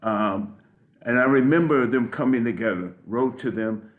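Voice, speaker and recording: An older man on a video call giving an emotional tribute, halting and restarting often. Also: mid-range voice. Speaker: guest speaker. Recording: phone-like audio.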